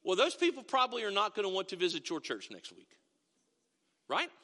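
A man's voice: high-pitched, big pitch swings, fairly quick, sharp tone, long reverb tail. A middle-aged male pastor preaching a sermon in a folksy, conversational way, telling stories with frequent restarts. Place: church sanctuary.

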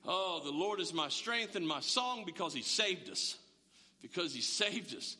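A middle-aged man preaching a sermon in a lively, conversational way, often restarting his sentences. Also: high-pitched, measured pace. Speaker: pastor. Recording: reverberant church hall.

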